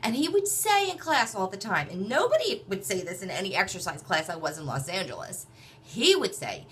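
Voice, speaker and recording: A woman telling a personal story in a chatty, animated way, acting out other people's voices. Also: mid-range voice, brisk, a little hiss or hum. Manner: chatty, many fillers and restarts.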